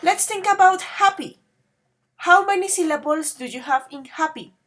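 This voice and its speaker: A woman teaching an English grammar class, patiently quizzing students and spelling out word endings slowly. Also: very high-pitched, a bit bright.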